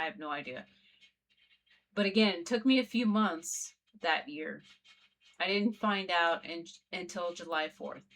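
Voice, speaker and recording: A woman's voice: lowish voice, a bit bright. A woman telling a personal story in a casual, candid way, with frequent fillers, restarts and mild swearing.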